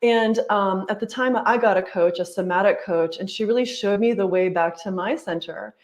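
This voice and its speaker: A woman's voice: medium pitch, moderate pace. A woman who works as a life coach and yoga teacher tells her story in a casual interview. She is earnest and chatty, and she keeps saying "like" and "right?".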